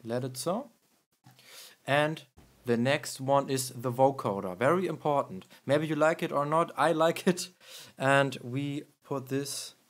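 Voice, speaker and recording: Male tutorial host, unhurried and halting, over a noisy background. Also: mid-range voice. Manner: halting, with many fillers. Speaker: music production tutorial host. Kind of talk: casual tutorial explanation.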